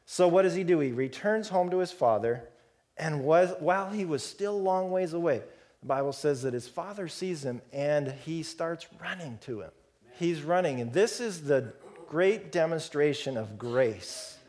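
A man preaching a sermon in a relaxed, storytelling way, acting out the characters. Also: a little high, moderate pace.

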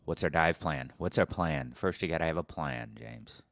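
A man's voice: rumbling low, normal speed, creaky, fairly bright tone, no room sound, clean studio sound. A man co-hosting a podcast in casual chat, joking around and laughing often. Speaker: podcast co-host.

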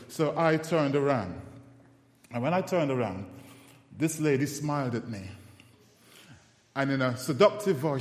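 A man preaching a sermon, telling funny personal stories in an animated, self-mocking way before reciting scripture. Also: on the high side, normal speed. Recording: echoey hall with long reverb.

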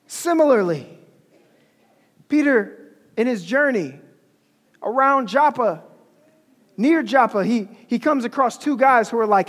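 A man preaching in a casual, animated way, retelling a story with slang and asides. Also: very high voice, unhurried, long pauses. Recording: long hall reverb.

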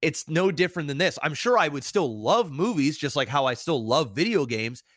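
A man's voice: normal speed, no echo, clean studio sound. A man in his thirties, a podcast co-host and streamer, talking candidly and reflectively in casual chat. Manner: candid, reflective, animated rises in pitch.

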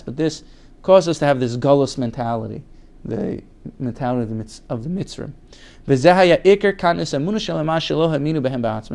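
A man teaching a Torah class, his pitch sitting in an ordinary middle range. He speaks earnestly and doubles up words for emphasis. He reads Hebrew quotes aloud and then translates them. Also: creaky, warm tone.

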